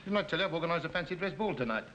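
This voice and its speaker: A cheeky, scheming pal in a vintage radio comedy, chummy and wheedling. His voice sits a little high. A faint hiss runs under the muffled recording. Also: lively intonation, rapid-fire, a bit bright. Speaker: scheming friend. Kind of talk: 1950s radio comedy acting.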